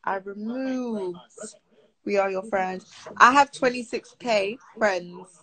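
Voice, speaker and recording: A woman's voice: medium pitch, a little slow, fairly bright tone, low-quality recording. A teenage girl from Britain, chatting casually on a live stream and answering viewer comments aloud.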